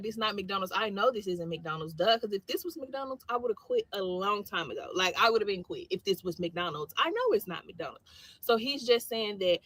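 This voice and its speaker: A woman soldier telling a story in a vlog clip, animated and slangy as she retells a dialogue. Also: mid-range voice, normal speed, dry recording.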